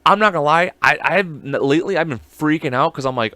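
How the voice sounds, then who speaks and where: A man's voice: fairly high pitch, animated, fast talker, bright, forceful tone, dry recording. A man hosting a podcast alone, chatting casually in a rambling, profane, self-mocking way. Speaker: podcast host. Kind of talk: casual solo chat.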